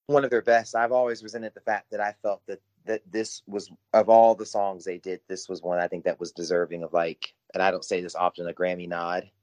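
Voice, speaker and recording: Effusive man, lower-pitched podcast co-host. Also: flat delivery, fairly quick, few pauses, a little mellow. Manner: effusive, repeats words while searching for phrasing. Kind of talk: casual podcast discussion.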